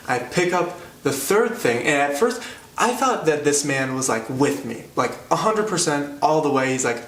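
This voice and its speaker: This storyteller's voice sits fairly high and sounds animated and fairly bright as he moves at a moderate pace. He's doing stand-up, rambling and poking fun at himself with lots of fillers, and the recording is roomy and distant with a faint hum underneath.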